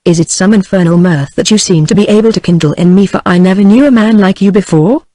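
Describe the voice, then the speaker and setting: A woman's voice: mid-range voice, fast talker, mellow, no room sound, close to an everyday voice. A British-accented synthetic female voice reading the lines of an impulsive young woman in love, without a character voice. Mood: earnest.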